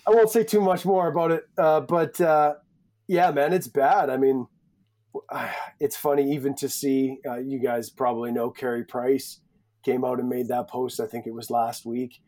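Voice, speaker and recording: A man's voice: mid-range voice, steady tone, moderate pace, darkish tone. A man from Alberta, Canada, a podcast guest talking loosely and joking, swearing a lot and calling people buddy and man. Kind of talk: casual podcast chat.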